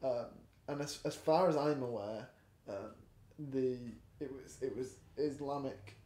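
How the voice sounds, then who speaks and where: A young man talks through a film in a relaxed, meandering way, pausing often on ums. His tone is mellow and dark. The room around him rings with a noticeable echo. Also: medium pitch. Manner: rambling, hesitant, many ums. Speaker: podcast co-host. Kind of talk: casual film review chat. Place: home flat. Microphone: camera in a room. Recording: echoey room.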